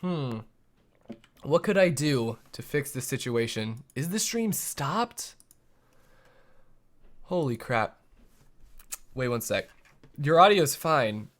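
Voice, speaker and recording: Young male streamer, mid-pitched, rambling playful self-talk over live gameplay, home desk mic. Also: lively intonation, takes it slowly, long pauses, fairly bright tone.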